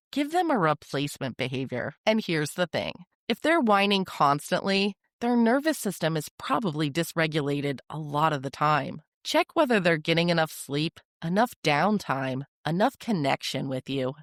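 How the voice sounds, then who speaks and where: Calm, direct parenting-advice host. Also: medium pitch, no room sound, clean studio sound.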